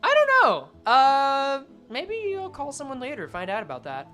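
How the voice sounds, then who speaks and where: A woman gaming streamer with a lively, jumping voice, reading scenes aloud between casual, foul-mouthed jokes. Soft background music runs under her talk. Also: high-pitched. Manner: casual, swearing, quick jokes. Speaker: game streamer. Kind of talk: let's play commentary and reading game text.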